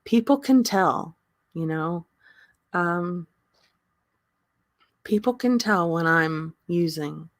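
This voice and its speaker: A woman hosting a casual livestream, talking slowly with many pauses and ums and often laughing. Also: on the low side, animated, no room sound. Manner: slow, halting talk with frequent ums and laughter. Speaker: livestream host.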